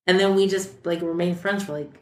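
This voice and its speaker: A woman with a fairly low voice tells a casual story as a podcast guest, jumping up into other voices whenever she quotes someone. She sounds animated throughout. The room around her is echoey. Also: a little fast. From Texas. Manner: animated, acts out quoted lines in raised voices.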